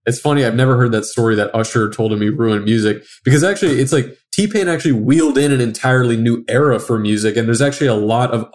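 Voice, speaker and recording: A man's voice: mid-range voice, fast, few pauses, a little mellow. A young adult man who is a guest comic artist, chatting casually on a podcast and rambling with a lot of filler words.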